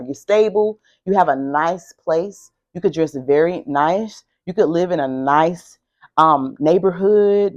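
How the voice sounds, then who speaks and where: A woman giving a casual tarot reading who talks in an excitable, emphatic way and swears a lot. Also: fairly low pitch. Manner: excitable, emphatic and heavily profane. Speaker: tarot reader.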